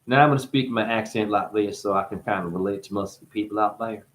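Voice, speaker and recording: A man in a rambling spiritual monologue, free-associating through wordplay and profanity, dropping to hushed asides and breaking into crooning. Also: on the low side, fast talker. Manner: profane, teasing. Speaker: spiritual talker.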